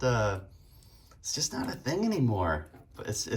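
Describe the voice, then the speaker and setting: Deep-voiced man telling a story. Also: very animated, measured pace. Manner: chatty, rambling, with fillers and laughs. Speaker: card collecting vlogger. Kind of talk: casual storytelling to camera.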